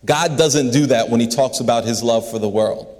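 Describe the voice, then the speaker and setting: Preaching earnestly, this pastor keeps circling back to repeated words for emphasis. He has a medium-pitched, somewhat dark voice and a moderate pace. A big hall's long reverb fills the recording, made inside a large building.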